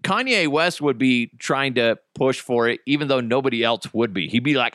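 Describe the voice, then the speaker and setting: A man's voice: mid-range voice, animated, moderate pace, hardly any pauses, fairly bright tone, dry recording, studio quality. An American man hosting a podcast, chatting in a casual, jokey and profane rant. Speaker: podcast host.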